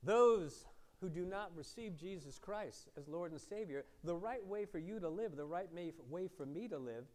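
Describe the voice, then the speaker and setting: A man preaching a sermon as pastor, asking the congregation questions, moving between loud emphasis and quiet, low asides. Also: animated, normal speed.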